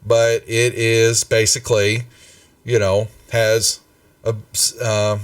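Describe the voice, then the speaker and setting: A man with a lowish voice narrates a tabletop game as game master. He talks loosely and often gropes for the right word. His voice is dry and sits a little away from the mic. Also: flat delivery, slow pace, smooth, dry recording, far from the mic. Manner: loose and conversational, searching for words.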